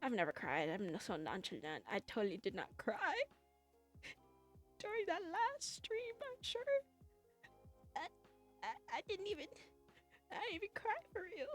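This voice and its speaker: A young woman chatting with her stream viewers in a playful, giggly, self-mocking way. Her voice sits fairly high and swings lively up and down. Soft music plays faintly underneath. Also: unhurried, long pauses. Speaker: VTuber streamer. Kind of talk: casual chat with stream viewers.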